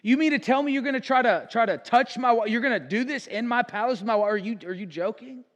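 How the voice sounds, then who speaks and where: A man's voice: sits high, expressive, fairly quick. A man voicing an ancient king who talks in casual modern slang, in a reverberant hall. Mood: outraged. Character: angry ancient male king, blunt and casual. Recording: long church hall reverb.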